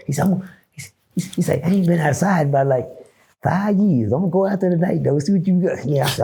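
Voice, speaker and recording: A middle-aged man telling prison stories in an animated way, acting out other people's voices and swearing freely. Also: fairly quick, gravelly. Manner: acts out voices, swings pitch widely, swears freely. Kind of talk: animated storytelling.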